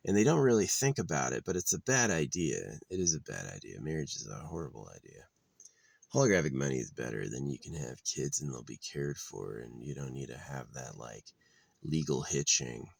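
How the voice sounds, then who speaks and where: A man's voice: a bass voice, expressive, normal speed, vocal fry, dry recording. A man rambling in a blunt, crude monologue outdoors, full of fillers and restarts. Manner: meandering, crude, blunt opinions with many fillers.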